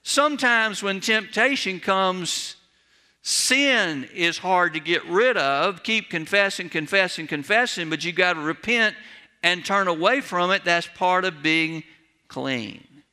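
Pastor, man, slightly high and bright-toned, folksy storyteller with humor, sermon in a reverberant church. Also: animated, slow pace. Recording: long reverb of a large hall.

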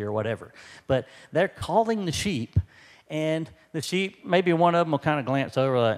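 A middle-aged male pastor delivering a sermon to his congregation, speaking with animated rises and drops in pitch and loudness. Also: normal speed. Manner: animated preaching with sudden rises in pitch and volume.

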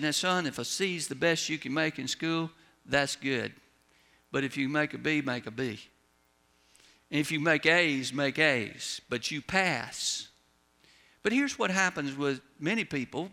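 A man's voice: on the high side, vocal fry, bright, forceful tone. A man preaching a sermon as a pastor, telling folksy stories and letting his voice drop at the ends of lines.

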